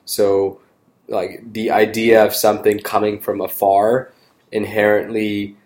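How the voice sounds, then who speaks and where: A man with a low voice chats casually. He rambles through his points, hesitating and restarting often. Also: completely flat delivery, a little slow, a little mellow. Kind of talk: casual conversation.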